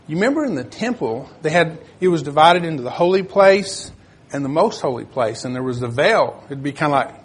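An older man delivers a sermon in an easygoing, conversational tone, stopping now and then to find his place in the scripture. His voice sits a little high and has a husky grain to it. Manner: plain conversational preaching, reads scripture aloud; searches for verses, self-correcting. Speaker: preacher.

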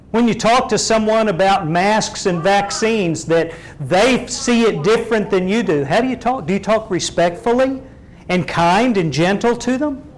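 A man in middle age delivers a sermon, pressing his listeners with one direct question after another. His speaking voice sits somewhat high for a man. A faint low rumble runs under the recording. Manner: earnest, asks the congregation many direct questions. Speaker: preacher.

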